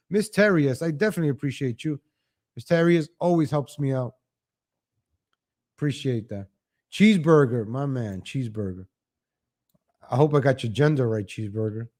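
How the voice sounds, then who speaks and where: A man's voice: mid-range voice, animated, normal speed, long pauses. A man hosting a casual morning livestream, chatting loosely and thanking viewers in the chat. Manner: rambling, warm toward chat viewers, frequent restarts. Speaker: host.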